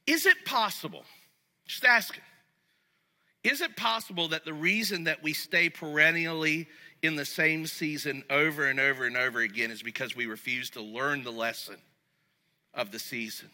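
A man preaching a sermon as pastor, talking to the congregation conversationally and going soft and low when he reads scripture. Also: normal speed. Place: church sanctuary. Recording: long reverb of a large hall.

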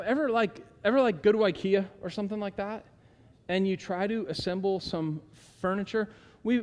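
High-voiced male pastor preaching in a hall. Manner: conversational, asks the congregation to repeat lines aloud; emphatic, slows down on key words. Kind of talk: sermon. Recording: long hall reverb.

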